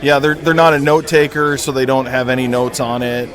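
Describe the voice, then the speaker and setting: A man on a live panel who tells quick, animated stories and readily agrees with the others. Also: mid-range voice, crowd noise. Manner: animated, agreeable, laughs at his own stories. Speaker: veteran dungeon master guest. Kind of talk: casual panel chat. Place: outdoor festival stage. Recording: live outdoor recording with music. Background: music playing.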